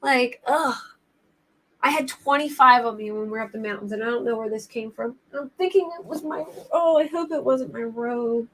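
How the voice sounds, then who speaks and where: A woman's voice: fairly high pitch, moderate pace. A young adult woman hosting a true crime livestream, chatting casually in a rambling, flustered way and laughing easily.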